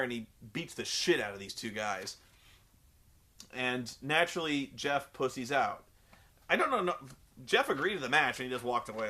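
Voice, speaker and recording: A man's voice: medium pitch, sharp tone. A young man recapping a wrestling show in a sarcastic, profane, rambling comedic commentary.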